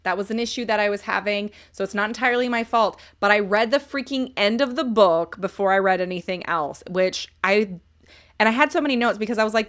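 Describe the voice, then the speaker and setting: A woman's voice: mid-range voice, brisk, fairly bright tone. Chatty woman streamer, self-mocking. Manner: chatty and self-mocking, reads chat aloud. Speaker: streamer reviewing a book. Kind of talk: casual live-stream chat.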